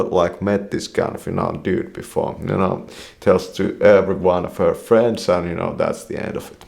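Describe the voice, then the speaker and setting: A man's voice: low-pitched, fairly even intonation, moderate pace, gravelly. A man telling a meandering story, swearing constantly and dropping "you know" after nearly every phrase. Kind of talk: rambling storytelling.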